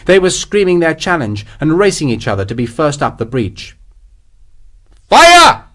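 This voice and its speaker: A man's voice: a little high, animated, a little fast. A man reading an audiobook as its narrator in a dramatic, vivid way. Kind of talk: scripted narration.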